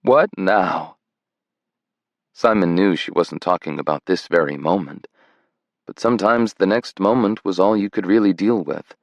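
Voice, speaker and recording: A man reading a romance audiobook in a measured, tender scripted narration. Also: low-pitched, no echo.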